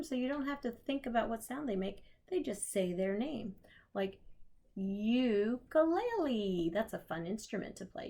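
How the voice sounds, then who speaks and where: A woman teaching young children letter sounds, reading picture books aloud and sounding out each letter slowly. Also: medium pitch, gravelly. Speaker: preschool teacher. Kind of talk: children's phonics lesson.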